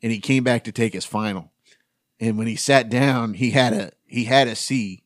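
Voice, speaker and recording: A man's voice: mid-range voice, normal speed, no room sound. Profane storytelling man, dry close mic. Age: 30s. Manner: profane, animated storyteller acting out quotes. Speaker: podcast host. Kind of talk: casual storytelling among friends.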